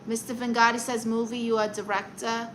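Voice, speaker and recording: Brooklyn lady on a live stream reading chat, sassy n roasting, kinda high bright voice. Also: flat delivery, brisk, slight background noise, low-quality recording.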